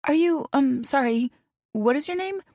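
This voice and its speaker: A woman's voice: high-pitched, animated, moderate pace, darkish tone, no room sound, studio quality, voice pushed up. A woman voicing a flustered, eager young woman in her thirties who stammers and sounds breathless. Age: 30s.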